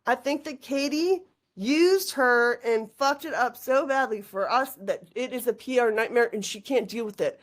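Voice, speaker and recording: High-pitched woman host, heated casual chat, swears freely, restarts sentences. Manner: swears a lot, rambling and heated; quick restarts and stammers. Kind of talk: casual conversation.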